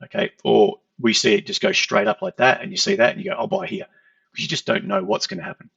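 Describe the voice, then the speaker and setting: Gravelly man explaining charts. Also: high-pitched, big pitch swings, brisk, a bit bright, dry recording. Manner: explanatory, conversational, repeats "okay". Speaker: trading educator. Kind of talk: chart walkthrough lesson. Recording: dull lo-fi, distant from mic.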